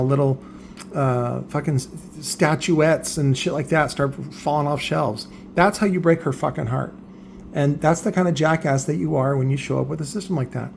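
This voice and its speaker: A man's voice: a little high, gravelly, a little mellow, a little hiss or hum. An older man ranting bluntly and scornfully, swearing freely in a vlog. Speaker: car audio seller.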